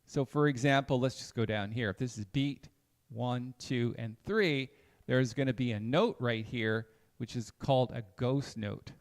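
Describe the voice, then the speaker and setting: A man teaching jazz piano in a live online lesson, talking in a relaxed, thinking-aloud way and counting beats aloud as he plays. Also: mid-range voice, a little slow. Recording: piano playing behind the voice. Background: piano music.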